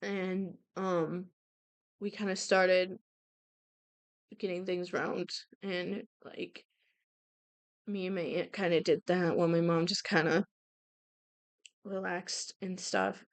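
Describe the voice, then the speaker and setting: A young woman speaks slowly and haltingly as she shares a personal story on her podcast. She stumbles through restarts and fillers, and her voice sometimes sounds close to tears. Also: fairly low pitch, little pitch movement. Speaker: podcast host. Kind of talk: personal storytelling about grief.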